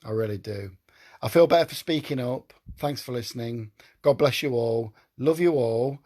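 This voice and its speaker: A man's voice: medium pitch, moderate pace, darkish tone. A man hosting his own live stream, talking earnestly and emotionally, often repeating himself as he pleads with viewers.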